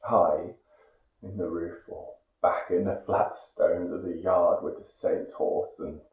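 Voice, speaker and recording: Male poetry reciter, low voice, slow and intense, hush-to-cry swings; echoey, muffled lo-fi take. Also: steady tone. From Great Britain. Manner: slow, intense, swings between hushed whispers and loud cries. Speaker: poetry reader. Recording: echoey, dull lo-fi recording.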